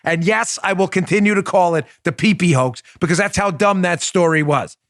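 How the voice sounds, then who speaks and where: A combative male host with a high, bright-edged voice, hammering each point with mocking emphasis. He sits close to the mic in a dry, dead room with no echo at all. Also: normal speed. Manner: does a high silly impression voice in bursts. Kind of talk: political commentary show.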